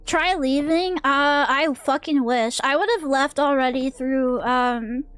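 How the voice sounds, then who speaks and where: A woman's voice: high-pitched, fairly even intonation, measured pace, fairly bright tone, smooth. A woman VTuber chatting casually while playing a horror game, jumpy and swearing as she jokes with her chat. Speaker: VTuber streamer. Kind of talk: casual livestream game commentary.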